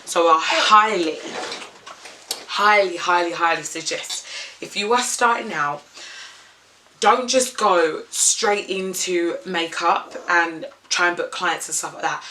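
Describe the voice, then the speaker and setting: Young girl rambling on in her vlog, low-ish voice but really bright and forceful, swears a lot. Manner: rambling, candid, swears freely. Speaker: makeup artist. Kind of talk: casual unscripted vlog.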